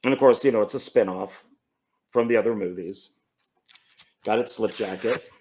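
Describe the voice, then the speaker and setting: A man's voice: lowish voice, moderate pace, slight background noise. A man casually going through his film collection, rambling, correcting himself and stumbling over names. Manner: relaxed, enthusiastic about films. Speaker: movie collector.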